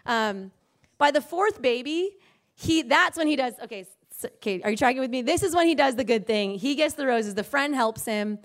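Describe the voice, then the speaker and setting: A woman's voice: high voice, expressive, moderate pace. A woman telling a faith-based story in a casual, rambling way, full of fillers and self-corrections, acting out the quoted voices.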